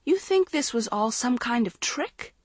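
A woman's voice: fairly high pitch, lively intonation, unhurried, darkish tone, husky, no echo, pitched above the performer's own voice. Woman doing a bitter, snapping teenage girl. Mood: angry. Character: angry accusing teenage girl swimmer.

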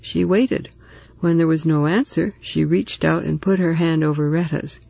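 A man reading a story aloud in steady, even narration. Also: fairly high pitch, normal speed, vocal fry, husky, no echo, muffled recording. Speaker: audiobook narrator. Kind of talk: scripted narration.

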